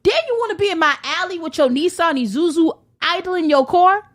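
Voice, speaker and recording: Young woman guest going off on a rant, high voice swinging all over, loud and brash and cussing. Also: expressive, fairly quick. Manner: loud, brash, profane ranting with laughter. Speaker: podcast guest. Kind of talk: casual chat.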